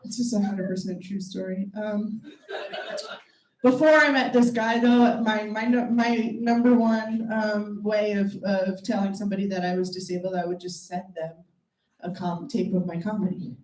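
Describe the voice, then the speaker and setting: A woman's voice: medium pitch, steady tone, moderate pace, a little mellow, reverberant, recorded from a distance, a little hiss or hum, rough recording. A woman performing a stand-up comedy set, blunt, crude and self-deprecating, to a live audience. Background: audience laughter.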